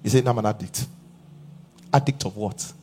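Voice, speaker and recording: A man preaching a sermon, asking the congregation questions and building to emphatic shouts. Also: fairly low pitch, moderate pace, breathy edge. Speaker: pastor.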